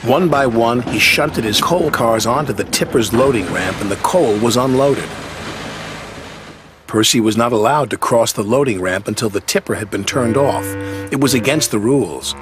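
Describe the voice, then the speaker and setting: A man narrating a children's train story in an animated storybook reading. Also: mid-range voice, normal speed, noisy background. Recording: music playing behind.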